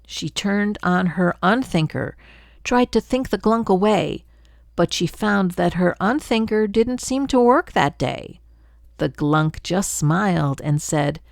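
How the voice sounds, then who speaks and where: A woman's voice: on the low side, expressive, takes it slowly, vocal fry, no echo, clean studio sound. An older woman reading a rhyming children's story aloud in a sing-song storybook manner.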